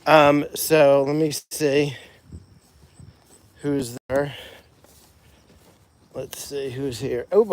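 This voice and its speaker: A man who cares for a farm animal sanctuary, chatting casually on a live stream while walking outdoors across a pasture. He rambles with lots of fillers and restarts, recorded on a handheld phone. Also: on the high side.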